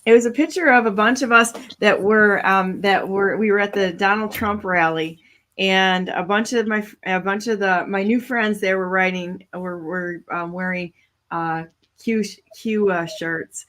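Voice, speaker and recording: A woman hosts a talk show and tells a story in a loose, chatty way. She laughs often and acts out the voices of other people. Her voice sits at an ordinary middle pitch. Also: fairly even intonation, unhurried, fairly bright tone. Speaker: show host.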